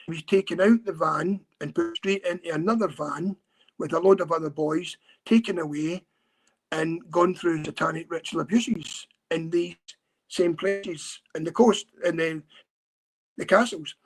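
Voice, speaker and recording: A man from Scotland, a guest on a podcast interview, telling his story earnestly with many halting repeats and restarts. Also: fairly high pitch, breathy edge.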